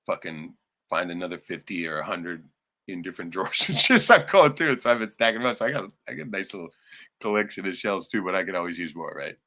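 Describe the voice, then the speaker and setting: A man hosting a casual livestream, rambling and swearing often, suddenly turning loud and excited. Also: low-pitched, quick pace. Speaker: livestream host.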